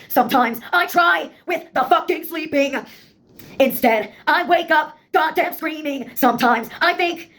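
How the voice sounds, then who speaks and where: A woman's voice: high-pitched, normal speed, vocal fry, a bit bright. A woman delivering a rambling spoken-word monologue, blunt and full of swearing.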